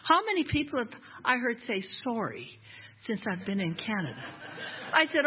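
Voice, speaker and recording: A woman's voice: fairly high pitch, very animated, moderate pace, slight background noise. An older woman preaching a sermon to a congregation in an emphatic, impassioned way. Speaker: guest speaker at a congregation. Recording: lo-fi, phone-like sound.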